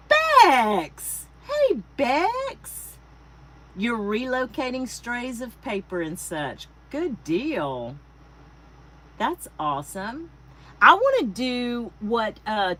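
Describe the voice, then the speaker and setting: Her voice is lowish with a fairly bright tone as this middle-aged Southern woman from Texas runs her craft livestream, greeting viewers by name in casual conversation. Poor audio quality and a faint hum of air conditioning come through.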